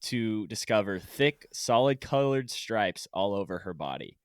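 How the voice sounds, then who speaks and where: Young guy excitedly summing up a kids book on a podcast, kinda low voice. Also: a little slow, clear, resonant tone, no room sound, studio quality. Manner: animated, summarizing a book aloud. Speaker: podcast co-host. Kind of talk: casual chat.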